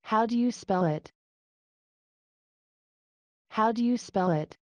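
Slow, careful woman reading phrases. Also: on the high side, a little mellow, no echo. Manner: careful, evenly paced reading aloud. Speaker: English phrase reader.

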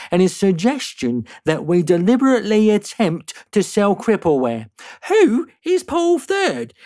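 A man putting on a haughty high-voiced executive. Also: dark tone, no echo, clean studio sound, heavily acted. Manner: put-on accent, slow pointed delivery. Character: haughty male audio company executive, measured and condescending. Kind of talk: reading an email aloud in a mock voice.

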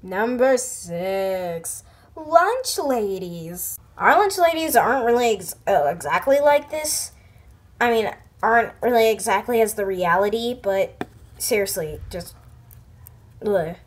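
A woman's voice: mid-range voice, expressive, slow. A woman hosting and narrating toy skits, goofy and playful, slipping into silly voices. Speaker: host acting out toy skits.

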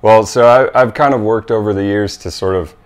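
Midwestern American man, relaxed and chatty, lowish voice. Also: brisk. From Wisconsin, USA. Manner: relaxed, chatty, hesitant fillers. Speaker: guest. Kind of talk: casual chat and word reading.

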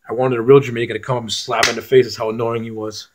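A man's voice: medium pitch, flat delivery, very fast, darkish tone. A man reviewing films in a casual rant, blunt and profane, often restarting his sentences. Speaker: film reviewer.

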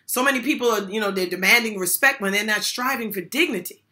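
Forceful, bright-voiced older woman lecturing. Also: medium pitch, quick pace. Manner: emphatic, folksy, repeats key phrases. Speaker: workshop speaker. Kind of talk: motivational talk on mental health support.

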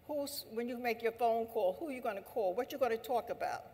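A woman's voice: on the high side, brisk, a little mellow. Fervent woman speaking in an echoing hall. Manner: fervent, repetitive, preaching cadence. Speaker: speaker at an anti-imperialist assembly. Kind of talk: impassioned rally speech. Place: large hall. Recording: reverberant hall sound.

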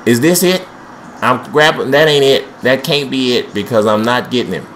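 A man's voice: mid-range voice, moderate pace, fairly bright tone, slight background noise. A young man giving panicky, trash-talking commentary while playing a wrestling video game, with speech. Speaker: gameplay commentator. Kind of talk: excited let's-play commentary.

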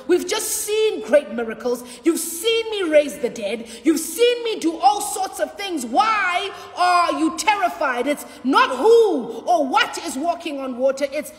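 A woman preaching a sermon with passion, repeating lines and shouting out at times. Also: high-pitched, echoey room, long reverb tail. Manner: impassioned preaching with shouts and repetition.

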